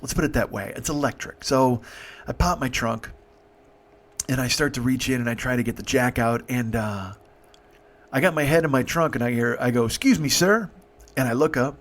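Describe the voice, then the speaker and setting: A man's voice: mid-range voice, fairly bright tone. A man in his fifties telling a comedic story in a rambling, profane way with many restarts. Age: 50s. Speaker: comedian host.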